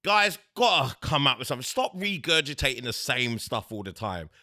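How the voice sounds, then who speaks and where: A man's voice: medium pitch, big pitch swings, moderate pace, bright, forceful tone. A man hosting a casual sports chat show, playful and teasing, leaning hard on his points. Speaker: show host.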